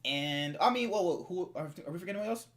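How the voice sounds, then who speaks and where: A man's voice: high voice, animated, fast, fairly bright tone. A young man in casual esports debate chat, teasing and argumentative as he makes his points.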